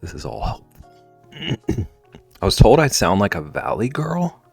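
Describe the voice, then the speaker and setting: A man's voice: fairly low pitch, sing-song, a little slow, vocal fry, darkish tone, breathy edge. A man streaming casually while drawing, rambling and chatty, often trailing off into mumbles. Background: faint background music.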